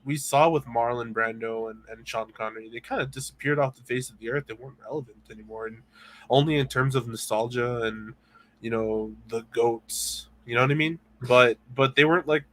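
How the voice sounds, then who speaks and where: Man, podcast co-host, casual chat, profane, laid-back, mid-pitched voice. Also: fairly quick, a bit bright.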